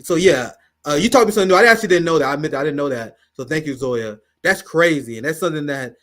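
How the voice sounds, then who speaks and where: A man's voice: a little high, lively intonation, fast talker, fairly bright tone. A man hosting a livestream political commentary show, ranting in a fiery, profane, emphatic way. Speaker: host.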